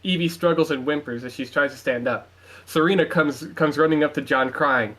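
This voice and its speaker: A man's voice: fairly high pitch, fairly quick, a bit bright. A man reading a fan-written story aloud on his show with dramatic storytelling.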